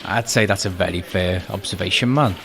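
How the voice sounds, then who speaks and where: A man's voice: low voice, brisk, gravelly, fairly bright tone. A man co-hosting a casual podcast, talking in a chatty, self-interrupting way and reading a screenplay aloud.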